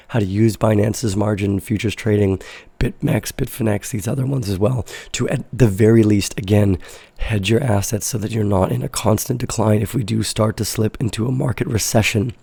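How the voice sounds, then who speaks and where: A man hosting a casual live crypto market analysis, hoarse and stuffy-nosed, explaining in a loose, rambling way with frequent self-corrections. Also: on the low side, mellow, dry recording. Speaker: crypto trading show host.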